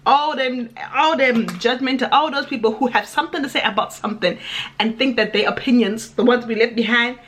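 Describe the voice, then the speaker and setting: A sassy woman vlogger with a slightly higher voice speaks straight to her viewers. She talks emphatically, hammering her points home with repeated words and short rhetorical questions. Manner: sassy and emphatic, lively repetitions. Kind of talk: casual vlog monologue.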